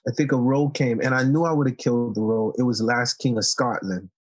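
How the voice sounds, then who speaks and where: A man's voice: mid-range voice, fast, no room sound. Man, from Haiti, interview guest, playful storyteller, dry close sound. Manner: relaxed storyteller, laughs often, playful. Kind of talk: casual interview.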